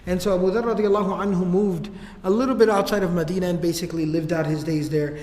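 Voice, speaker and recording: A man gives a casual, slangy religious history lecture. His voice is fairly high. It carries through a large hall with a long, roomy reverb. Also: fairly even intonation, fast, darkish tone. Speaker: religious teacher.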